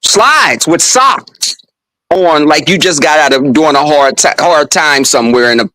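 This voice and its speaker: A man on a video call, gossiping and mocking someone in an animated way. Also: a little high, brisk, no room sound, low-quality recording. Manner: animated, mocking, trails off and restarts. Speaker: panelist. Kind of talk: casual gossip chat on a live stream.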